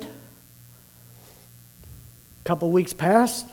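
A man preacher telling a story in a sermon, swinging from loud, urgent bursts to hushed, slow passages. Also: high voice.

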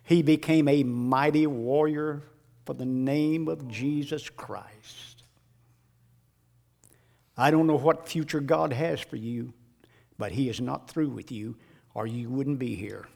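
A man preaching a sermon in a dramatic way, dropping to a hush and then rising to shouts. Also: medium pitch, steady tone, slow, vocal fry, pauses often. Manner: dramatic, swings from hushed to shouting.

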